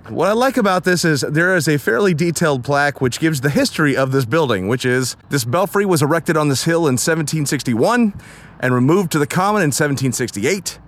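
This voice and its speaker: A man's voice: fairly high pitch, animated, fairly quick. A man hosting a podcast, narrating an on-location travelogue outdoors at historic sites and reading monument inscriptions aloud with relish. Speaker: podcast host.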